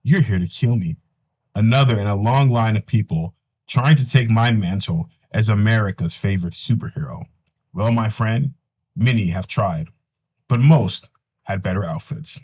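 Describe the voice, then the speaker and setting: A man's voice: lowish voice, animated, normal speed, a little mellow, slightly rough. A man voicing an arrogant, smug male superhero in a sneering, mocking way. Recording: slightly dull lo-fi audio.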